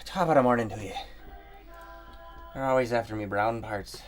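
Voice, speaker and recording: A man's voice: medium pitch, moderate pace, soft background music, close to an everyday voice. A man putting on a hammy, playful mock-Irish accent as a stereotyped jolly Irishman. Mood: jokey.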